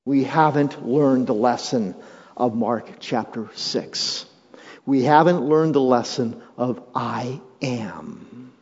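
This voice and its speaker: A male pastor preaching a sermon, swinging from hushed, drawn-out phrases to raised, urgent appeals and calling on the congregation to repeat lines after him. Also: mid-range voice, expressive, husky. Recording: dull, lo-fi sound with long hall reverb.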